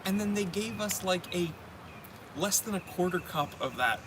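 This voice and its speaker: A man's voice: high-pitched, animated, normal speed. A man hosting a casual chat, rambling with many fillers and joking around. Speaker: host. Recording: noisy background.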